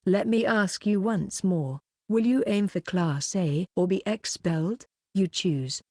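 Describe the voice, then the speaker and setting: A woman's voice: medium pitch, unhurried, dark tone, dry recording, studio quality. A woman reading the lines of a cold, demanding female teacher in an audiobook, pressing and determined.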